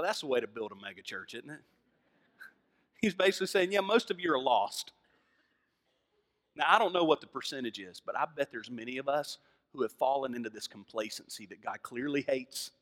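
A man with a Southern American accent preaching a sermon, moving from hushed lines to loud, fervent emphasis. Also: a little high. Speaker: pastor.

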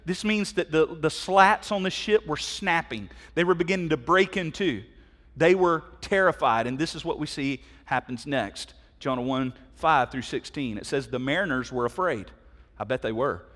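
A man's voice: fairly high pitch, moderate pace, a bit bright. A middle-aged man preaching a sermon, emphatic and conversational, often asking the listeners direct questions. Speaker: pastor. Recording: long hall reverb.

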